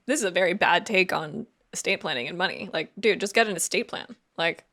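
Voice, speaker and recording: A woman's voice: lowish voice, a little fast, pushed and bright. A woman co-hosting a casual podcast chat, upbeat and chatty, explaining with lots of fillers. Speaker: podcast co-host.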